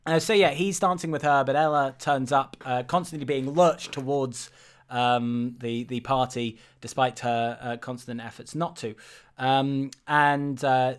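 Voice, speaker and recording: A man's voice: medium pitch, clean tone. A man co-hosting a podcast, recapping a film in a rambling, joking way with many fillers. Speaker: podcast co-host. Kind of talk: casual film recap chat.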